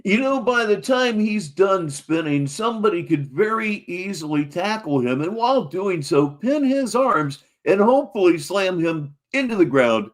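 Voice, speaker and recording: A male live stream host gives mocking commentary on clips. His pitch swings widely, set a little high. The delivery is animated throughout. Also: normal speed, few pauses.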